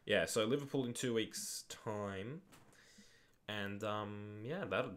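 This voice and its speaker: A man's voice: lowish voice, animated, a little slow, fairly bright tone, a little hiss or hum. A young man chatting casually on a late-night stream, rambling through viewer questions and swearing now and then, sounding tired. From Australia. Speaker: livestreamer hosting a football watch-along.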